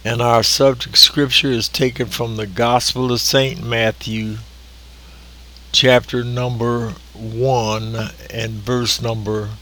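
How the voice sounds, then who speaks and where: Slow, deliberate preacher man. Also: medium pitch, little pitch movement, bright, forceful tone. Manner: slow and deliberate, drawn-out emphasis. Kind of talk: recorded sermon reading.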